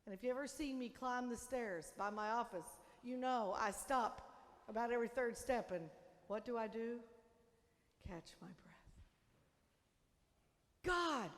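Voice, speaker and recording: Woman preacher, high voice, goes from booming to hushed, big reverby church. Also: a little slow, long pauses. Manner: emphatic, dramatic shifts between loud declarations and soft intimate lines. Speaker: pastor. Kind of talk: sermon. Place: church sanctuary.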